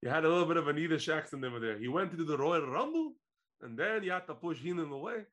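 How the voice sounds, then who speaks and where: A man from Israel co-hosting a podcast, retelling a wrestling event in a lively, joking casual chat. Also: on the high side, fast. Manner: animated storytelling, laughs often. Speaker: podcast co-host.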